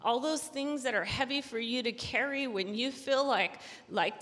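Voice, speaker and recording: Young woman, higher voice, earnest devotional talk, chatty with fillers, long reverb. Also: moderate pace, a bit bright. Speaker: Christian speaker.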